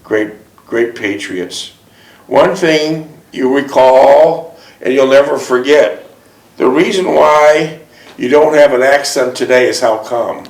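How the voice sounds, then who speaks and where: Host guy asking leading questions, gravelly voice, echoey room. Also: medium pitch, takes it slowly. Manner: leading questions, emphatic summaries. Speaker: interviewer and host. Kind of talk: interview and book reading.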